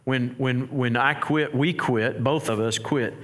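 A man's voice: medium pitch, steady tone, a little slow, a bit bright. A middle-aged man, a pastor preaching a sermon in a conversational way, often restarting his sentences.

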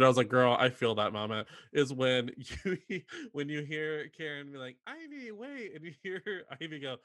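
A man hosting a casual chat, animated and laughing often, slipping into quoted voices. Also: medium pitch, no echo, studio quality. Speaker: podcast host and theater performer.

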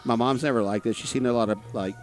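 A man's voice: medium pitch, steady tone, fast talker. A man from Texas talks as a podcast guest in a bar. He rambles loosely, full of fillers, restarts and casual swearing. Faint music plays behind him. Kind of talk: casual chat.

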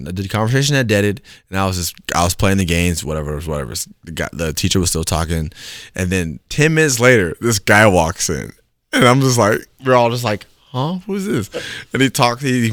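Animated young man telling a story. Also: on the low side, no echo, clean studio sound. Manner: animated storytelling, acts out quotes, laughs often. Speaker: storyteller in group chat. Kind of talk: casual chat.

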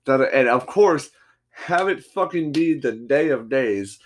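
A man's voice: mid-range voice, expressive, slow. A man hosting a solo podcast, telling stories in a rambling, profanity-filled, combative rant. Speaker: podcast host.

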